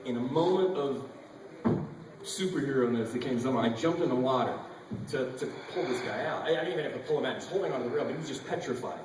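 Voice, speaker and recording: Man, convention panel storyteller, animated, profane, very echoey hall, noisy audience recording. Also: mid-range voice, fast talker, far from the mic. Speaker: panel guest actor. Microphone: audience camera far from stage.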